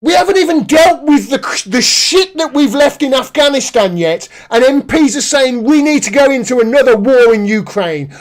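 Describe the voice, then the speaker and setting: A man's voice: extremely high pitch, lively intonation, moderate pace, hardly any pauses. A man hosting a live political commentary stream, reading news aloud and reacting with indignant sarcasm.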